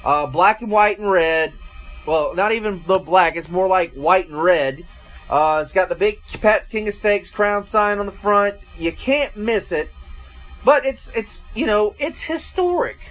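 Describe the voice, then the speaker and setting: A man's voice: high-pitched, fairly bright tone. A man from Georgia, hosting a casual food review and chatting to viewers as folks and guys. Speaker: food reviewer, show host.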